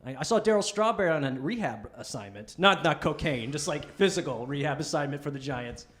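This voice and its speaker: A man's voice: a little high, expressive, brisk, a bit bright. A man hosting a casual comedy podcast, rambling through stories, often laughing and running himself down. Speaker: podcast host.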